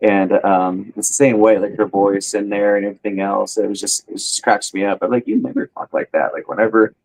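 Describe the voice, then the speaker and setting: A man, a musician guest in a casual interview, talking haltingly and repeating words. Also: fairly low pitch, level tone, a little mellow, low-quality recording.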